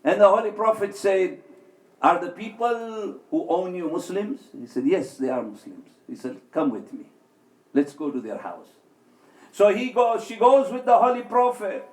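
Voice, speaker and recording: A man giving a sermon and telling stories, acting out the quoted speech with big swings in pitch and loudness. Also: animated, normal speed. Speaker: speaker at an Islamic center. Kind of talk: sermon with storytelling. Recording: echoey hall.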